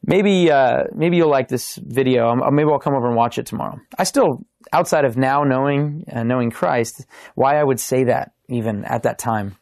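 Young man, gravelly, dry close mic; animated testimony with quoted dialogue. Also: medium pitch, normal speed, no echo. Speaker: podcast guest. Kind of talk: casual testimony storytelling.

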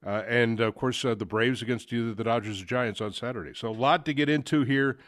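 A man's voice: mid-range voice, brisk, fairly bright tone, no echo, clean studio sound. A man hosting a sports talk show, talking casually and rambling with many fillers and restarts. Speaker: sports radio host.

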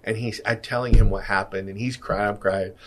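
A man in his fifties, a guest giving an earnest, emotional personal faith testimony, often dropping soft. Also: lowish voice, fairly even intonation, fairly quick. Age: 50s. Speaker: guest, jewelry business owner.

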